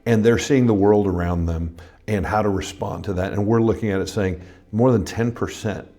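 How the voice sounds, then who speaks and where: A man hosting a pastors' podcast, asking his guest questions in a relaxed, joking way. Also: on the low side, moderate pace. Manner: asks questions, jokes easily. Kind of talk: interview-style podcast conversation.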